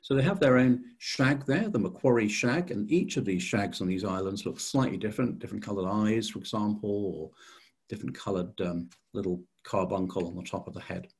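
A man's voice: on the low side, fairly quick, a little mellow, breathy edge. A man giving an illustrated slide talk as a society chairman, hesitant with many fillers and restarts.

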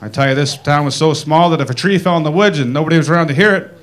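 A Canadian man doing a stand-up comedy set in a club, folksy and deadpan, tagging his lines with "eh?". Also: a little high, rapid-fire. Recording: live club set with audience laughter. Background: crowd laughter.

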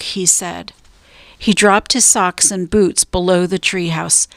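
A woman storyteller reading a children's book aloud, slow, clear and deliberate. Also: mid-range voice, a bit bright, no room sound.

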